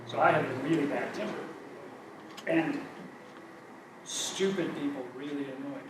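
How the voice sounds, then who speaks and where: A man's voice: on the high side, measured pace, very noisy. A middle-aged man leading a church Bible study group, teaching in a conversational, self-deprecating way. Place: church meeting room. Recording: echoey room recorded from far off.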